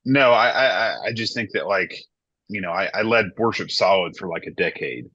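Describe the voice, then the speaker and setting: In a relaxed podcast chat, a man in his thirties who serves as a worship pastor reflects openly at a moderate pace. His voice is low, forceful and a touch husky. The audio is dull, lo-fi and dry, without echo.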